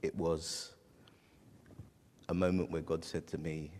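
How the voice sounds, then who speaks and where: A man preaching a sermon, telling a personal story in a halting, emotional way, recorded in a church. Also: extremely low pitch, level tone, a little mellow, long reverb tail. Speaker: pastor.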